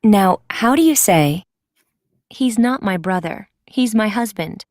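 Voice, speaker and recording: Woman course instructor, scripted clear prompts, slow measured pace, dry studio sound. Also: medium pitch, animated, darkish tone, no echo.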